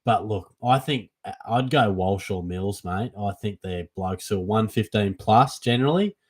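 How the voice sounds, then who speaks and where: A young Australian man hosting a casual live Q&A for a fantasy football stream, chatty and relaxed, calling everyone mate. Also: on the low side, normal speed. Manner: laid-back and chatty, calls everyone mate. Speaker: fantasy football livestream host. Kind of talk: casual live Q&A, reading chat questions.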